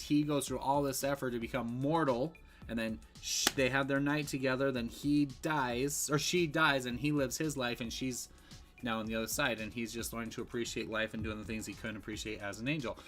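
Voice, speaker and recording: A man's voice: medium pitch, a bit bright. Guy rambling thru a movie review, lots of ums, faint music behind. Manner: rambling, digressive, with many fillers and restarts.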